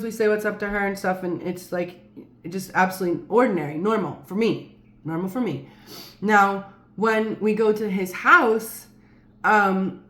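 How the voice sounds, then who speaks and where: A woman telling a personal story to camera in a casual, rambling way, with many fillers and restarts. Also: mid-range voice. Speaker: storyteller vlogger. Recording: roomy echo.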